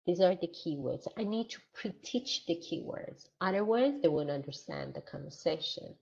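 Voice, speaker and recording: A woman training teachers, talking slowly and deliberately and modeling exaggerated intonation for a class. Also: fairly low pitch, animated, gravelly, a little mellow, muffled recording.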